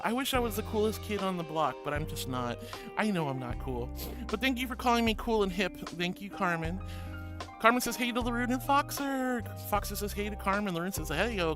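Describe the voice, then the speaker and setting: A woman VTuber streamer chatting casually and affectionately with viewers, bubbly and self-deprecating, with a stuffy nose from allergies. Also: on the low side. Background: background music.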